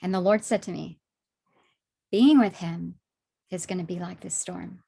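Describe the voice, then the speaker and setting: A woman sharing her personal faith testimony in conversation, animated when acting out past moments, soft and low when reflecting. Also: a little slow, vocal fry, husky. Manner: animated storytelling, acts out her own past words.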